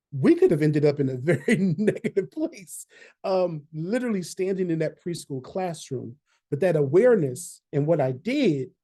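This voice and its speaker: A man's voice: a little high, dark tone. A man leading a training session, talking conversationally, repeating key phrases and checking in with "right?". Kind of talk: online training talk.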